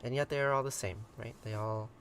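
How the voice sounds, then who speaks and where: Man, mid-pitched, casual livestream host; reads a myth aloud, chuckles often, hesitant with ums, talks into a computer mic. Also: fairly even intonation, brisk, fairly bright tone, slight background noise. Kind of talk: reading a myth aloud and chatting with viewers.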